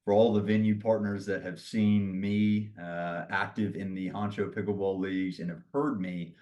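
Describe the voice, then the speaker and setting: A man speaking as a guest on a podcast in casual chat, earnest and quick to laugh. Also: low-pitched, fairly even intonation, muffled recording. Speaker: podcast guest, league founder.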